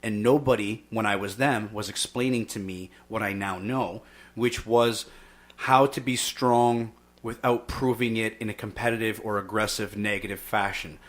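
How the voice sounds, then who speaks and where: A man hosting a podcast and making his case in an emphatic, energetic way, often pausing on "okay". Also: fairly low pitch. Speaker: podcast host and youth fitness instructor. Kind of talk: casual debate chat.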